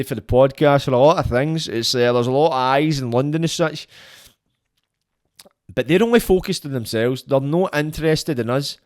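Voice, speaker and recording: A young Scottish man, a podcast guest, ranting bluntly in casual chat, swearing a lot and shooting up in pitch when he gets worked up. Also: smooth. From Scotland.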